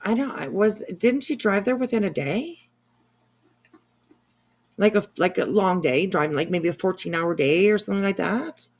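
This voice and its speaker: A woman hosting a casual livestream, reading viewer comments aloud in a gushing, excitable way. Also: mid-range voice, normal speed. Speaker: livestream host.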